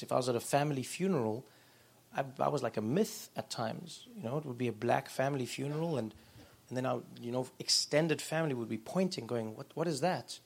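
A man, a guest author and comedian telling animated stories in a live on-stage conversation. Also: mid-range voice, creaky. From South Africa. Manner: animated storytelling. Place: live event room.

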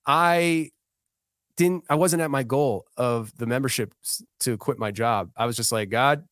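A man's voice: mid-range voice, fairly even intonation, a little slow, fairly bright tone, dry recording, clean studio sound. A man in his thirties, a podcast guest, telling a personal story in a casual, earnest way, often restarting his sentences. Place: podcast studio.

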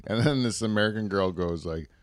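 A man with a somewhat low voice tells rambling, profane stories in a loose, casual way. He laughs often as he talks. The recording is close and dry, with no room sound. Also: a little fast, dry recording. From Canada. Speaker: podcast co-host. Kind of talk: casual chat.

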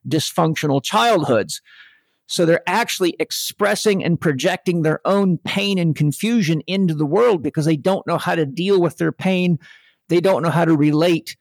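Man, gravelly and slightly high, earnest spiritual podcast talk, dry. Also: no room sound. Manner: earnest, reflective, quotes sayings.

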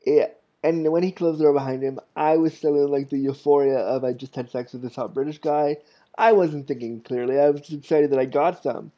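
A man in his thirties with a fairly high voice tells a story on his podcast, candid and self-deprecating, looping back over his words. The sound is muffled and lo-fi. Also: steady tone, fairly quick. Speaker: podcast host. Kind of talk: casual storytelling.

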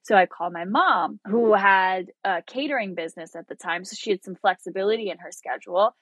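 A woman's voice: medium pitch, a little fast, husky, dry recording. Woman telling a story with lots of laughs. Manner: animated, laughs often, acts out quotes. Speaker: guest. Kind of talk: casual storytelling.

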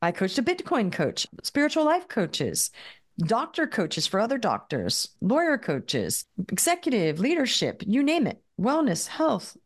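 A woman in her fifties or older, a guest coach in a podcast interview, telling stories with animated quoted dialogue and quick restarts. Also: a little high, husky. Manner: quick talker who repeats and restarts words.

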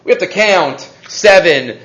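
A man's voice: high-pitched, expressive, a little slow, fairly bright tone. A man giving a weekly Torah class, reading Hebrew sources and explaining them in English. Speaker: Torah teacher. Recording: echoey room, dull lo-fi sound.

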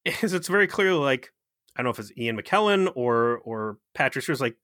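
Bright, dry-voiced man ranting. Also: medium pitch, animated, brisk, dry recording. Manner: ranting, profane, sarcastic. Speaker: podcast co-host. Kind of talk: casual critique chat.

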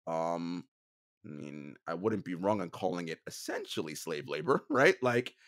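A man hosting a sports podcast, speaking earnestly and often dropping into a somber hush. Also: deep voice, sing-song, moderate pace. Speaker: podcast host. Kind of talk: casual podcast talk.

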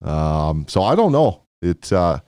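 Low-voiced Canadian man, laid-back. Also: big pitch swings, slow, a little mellow, no room sound, studio quality. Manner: laid-back, musing, many ums and restarts. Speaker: co-host. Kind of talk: casual sports chat.

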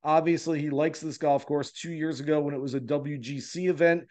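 A man's voice: on the high side, steady tone, fairly quick, darkish tone. A man hosting a golf betting podcast, talking through his picks in an easygoing, conversational way with frequent "uh" fillers. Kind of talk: casual podcast talk giving betting picks.

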